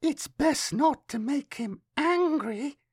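A man's voice: lively intonation, dry recording, clean studio sound, full character voice. A man putting on an eerie little girl. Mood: eerie calm. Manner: high, soft, childlike, slow and knowing. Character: eerie little girl, young, small, uncanny calm. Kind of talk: audiobook character voice.

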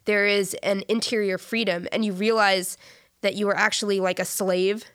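A woman in casual conversation about faith, talking in halting phrases with many fillers and restarts. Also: medium pitch, flat delivery, fairly bright tone, smooth, no echo, clean studio sound.

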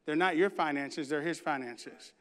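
High-voiced, smooth-toned pastor telling a story. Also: male voice, normal speed. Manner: animated storyteller acting out dialogue. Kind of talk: sermon with humorous family story.

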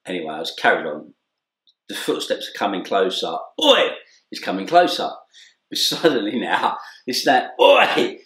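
Fairly low in pitch and at a moderate pace, a middle-aged English interview guest tells a casual anecdote. He acts out the lines of dialogue and often breaks into laughter. The room has an echo.

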